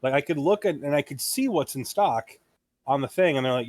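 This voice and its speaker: A man's voice: on the high side, animated, fairly quick, no room sound, studio quality. A young man co-hosting a casual podcast, telling stories in a laid-back way with casual swearing. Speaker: podcast co-host. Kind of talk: casual chat.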